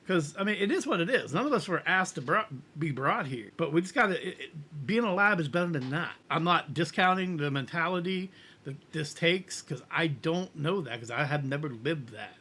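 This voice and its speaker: A man's voice: a little high, expressive, normal speed, sharp tone, slightly rough. A middle-aged man hosting a music reaction, talking earnestly in a rambling way with frequent restarts. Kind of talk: casual reaction commentary.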